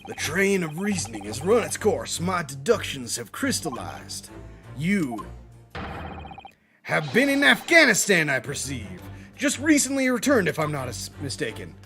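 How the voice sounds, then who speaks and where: A man voicing a pompous, eccentric gentleman detective, reading game dialogue with grand, drawn-out theatrical delivery. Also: on the high side, huge pitch swings, faint music behind, heavily acted. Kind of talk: game dialogue read aloud.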